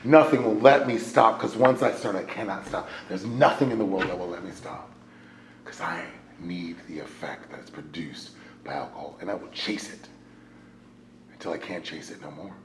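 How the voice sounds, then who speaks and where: A man telling a personal testimony to a live audience as an animated storyteller. His delivery swings from loud excitement to hushed near-whispers. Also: sits low, moderate pace, noisy background. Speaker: speaker sharing his recovery story. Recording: echoey room.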